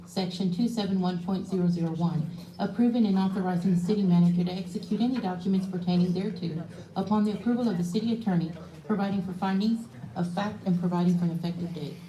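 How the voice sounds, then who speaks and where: A woman reads a legal agenda item at a brisk clip, formal and even. Her voice is low and very dark. The chamber behind her is echoey. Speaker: city secretary reading the agenda. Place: council chamber.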